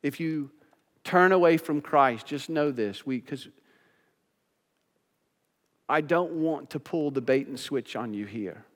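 A male pastor preaching a sermon, pleading and emphatic, dropping at times to a quiet, intimate tone. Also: a little high, lively intonation, slow, long pauses. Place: church sanctuary. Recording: long church reverb.

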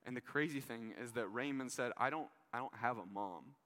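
A man's voice: medium pitch, brisk, a bit bright, big-room sound. A man preaching a sermon in an earnest, conversational way, with casual asides to the listeners. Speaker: pastor.

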